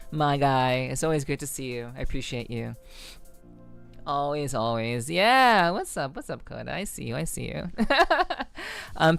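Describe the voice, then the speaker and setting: A woman streamer chatting casually with her viewers, relaxed and rambling, with frequent ums and soft laughs. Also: deep voice, clean tone. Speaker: VTuber streamer. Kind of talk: casual livestream chat with viewers.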